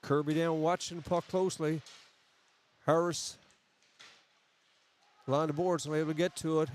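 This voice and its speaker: A man's voice: fairly high pitch, flat delivery, moderate pace, pauses often, a little hiss or hum. A man giving chatty, folksy live play-by-play of a local hockey game from a community arena. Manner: chatty, folksy asides between plays. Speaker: play-by-play commentator.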